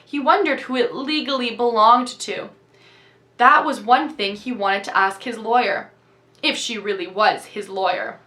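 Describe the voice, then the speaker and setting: Bright-voiced woman reading a story aloud. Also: a little high, a little slow. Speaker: reader.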